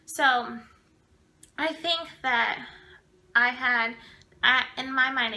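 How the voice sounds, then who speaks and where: A woman's voice: on the high side, vocal fry, bright, forceful tone. A woman in her twenties telling a personal story to camera in a chatty way, full of filler words and acted-out quotes. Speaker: vlogger.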